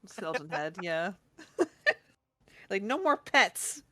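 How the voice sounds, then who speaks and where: A woman's voice: medium pitch, sing-song, slow, crowd noise. A woman player in a tabletop game, chatting casually with a laid-back, wry manner.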